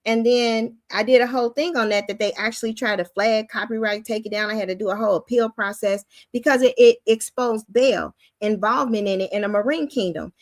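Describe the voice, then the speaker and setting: A woman's voice: fairly high pitch, brisk, hardly any pauses, no echo. A woman giving an emphatic spiritual teaching, full of rhetorical questions and repetition. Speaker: preacher and teacher.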